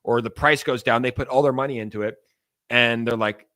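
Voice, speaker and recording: A young man rattles through a casual livestream in an excited, joking way, with profanity thrown in. His voice sits at an everyday middle pitch. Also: fairly quick. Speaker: crypto streamer.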